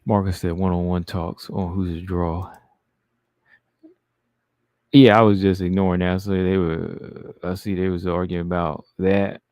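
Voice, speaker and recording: Low mellow-voiced guy chatting on his stream, reads out chat comments, relaxed. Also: unhurried, smooth, no echo, studio quality. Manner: laid-back, reads chat comments aloud and answers them. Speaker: livestream host reading chat. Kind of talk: casual livestream chat.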